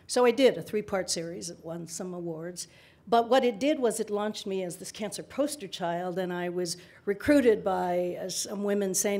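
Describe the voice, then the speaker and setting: A woman in her sixties, a panel guest at a public forum, telling her story in an animated way with laughs between remarks. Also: medium pitch, normal speed. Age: 60s. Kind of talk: conversational storytelling at a live forum.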